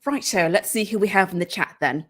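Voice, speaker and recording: A woman's voice: mid-range voice, fairly quick. Giggly woman hosting a livestream. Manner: giggly, friendly. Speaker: host. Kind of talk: casual livestream chat.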